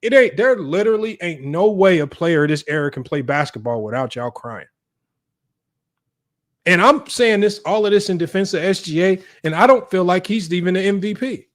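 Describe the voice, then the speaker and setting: A man's voice: high-pitched, animated, normal speed. A man hosting a sports debate live stream, ranting in an exasperated, heated way to his viewers.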